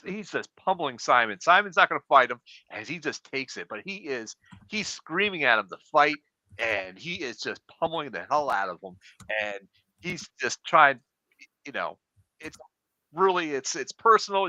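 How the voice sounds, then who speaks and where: A man's voice: fairly high pitch, lively intonation, moderate pace, pushed and bright, no room sound. A man hosting a casual podcast chat, talking eagerly with plenty of fillers. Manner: enthusiastic, filler-heavy. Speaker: podcast host. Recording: slightly dull lo-fi sound.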